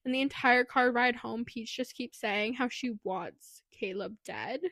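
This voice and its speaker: A woman co-hosting a podcast, casually retelling a novel's plot in an animated way, full of swearing and quoted voices. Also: on the high side, a little slow, dry recording. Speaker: podcast co-host. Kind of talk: casual book review chat.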